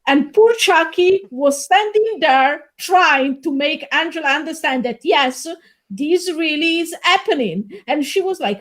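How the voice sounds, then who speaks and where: A woman talking slowly and hesitantly in a casual film review, pausing often on "uh". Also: high-pitched, expressive, a bit bright, poor audio. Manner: slow and hesitant, frequent "uh" pauses.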